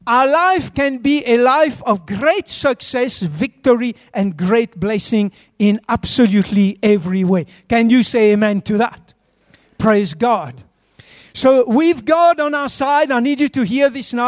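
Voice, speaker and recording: A man's voice: very high-pitched, no echo, clean studio sound. A man preaching a sermon as a pastor in a church, urging the congregation to answer back. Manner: urges the congregation to respond.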